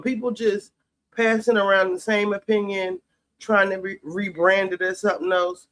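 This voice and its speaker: A man's voice: sits high, level tone, normal speed, a bit bright. Sassy, ranting man. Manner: sassy, profane, heated ranting. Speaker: reality TV commentator. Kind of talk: casual commentary chat. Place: home kitchen while cooking.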